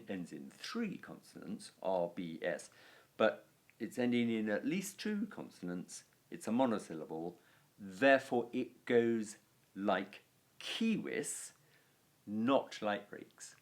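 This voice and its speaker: A man teaching a Latin grammar lesson, explaining rules patiently and chanting noun endings aloud with dry asides. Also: fairly low pitch.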